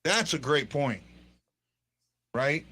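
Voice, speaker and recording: A man's voice: on the high side, slow pace, slightly rough. A man hosting a fan show, giving casual, rambling live hockey commentary with lots of restarts. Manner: excitable, rambling, frequent restarts and fillers. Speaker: fan podcast host.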